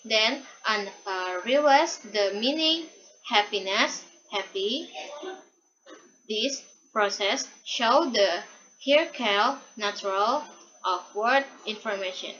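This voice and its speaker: A young woman student reading a class presentation aloud from a prepared script, haltingly and with restarts, on a dull lo-fi recording. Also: mid-range voice, lively intonation, sharp tone, slight background noise.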